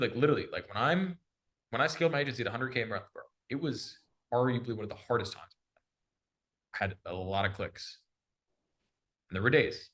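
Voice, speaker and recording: A young man coaching on sales in an energetic, slangy casual chat, calling the listener bro. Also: medium pitch.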